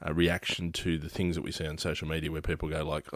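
Very deep-voiced Australian man, dry sound. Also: little pitch movement, fast, no echo. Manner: rambling, restarts often, laughs easily. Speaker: podcast host. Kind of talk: casual podcast chat.

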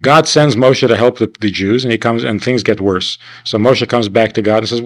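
A man's voice: medium pitch, moderate pace, no echo, low-quality recording. A man teaching a class at a winter camp in a conversational lecture style, asking rhetorical questions and acting out the people he quotes. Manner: animated, acts out the people he quotes.

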